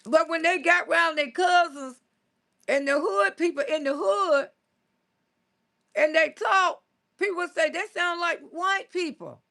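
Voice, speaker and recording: A woman's voice: extremely high pitch, a little slow, vocal fry, long pauses, sharp tone. A woman in her sixties, a comedian chatting casually on a live stream, blunt and salty, who laughs often as she tells stories and scolds. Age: 60s. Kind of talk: casual live-stream chat reading viewer comments.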